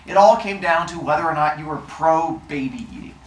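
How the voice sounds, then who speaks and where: A man telling a silly myth story playfully, animated, with made-up sound effects. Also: on the high side, fairly quick, a little hiss or hum. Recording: roomy echo.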